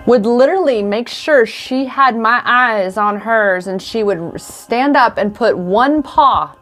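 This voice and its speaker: Slow-spoken woman giving a card reading. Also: fairly high pitch, fairly bright tone, faint music behind. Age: 40s. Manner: affirming, repetitive, heartfelt. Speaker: intuitive coach and tarot reader. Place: indoors in front of a camera.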